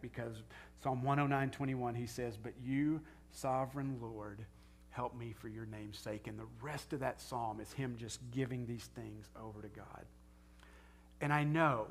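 Earnest pastor preaching conversationally. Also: male voice, medium pitch, fairly even intonation, measured pace, a little hiss or hum. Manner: earnest, conversational, rising to fervent prayer. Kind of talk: sermon and closing prayer.

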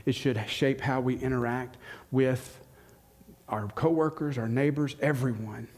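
This sermon comes from a Southern-accented American man in his forties, a pastor whose mid-range voice is steady, unhurried and darkish. Earnest and questioning, he poses questions to the congregation and repeats key lines to drive them home.

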